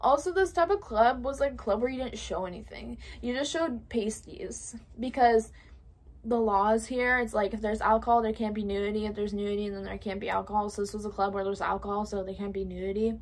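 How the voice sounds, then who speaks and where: A woman's voice: mid-range voice, steady tone, brisk. A woman in her late teens from California telling a casual, profane storytime, full of fillers and whispered asides. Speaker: vlogger. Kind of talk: storytime vlog.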